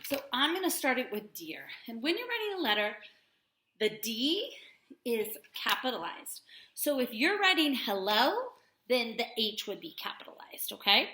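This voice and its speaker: Sing-song teacher woman, slow and lively. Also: on the high side, echoey room. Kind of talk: remote writing lesson for young children.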